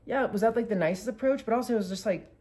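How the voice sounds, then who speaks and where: A woman in her twenties, a vlogger casually retelling a story with lively acted quotes and lots of "like". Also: a little high, racing.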